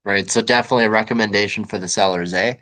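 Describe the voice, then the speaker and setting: A man's voice: fairly low pitch, steady tone, rapid-fire, a bit bright. A man with a Canadian accent asking casual interview questions as host. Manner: friendly, laughs easily.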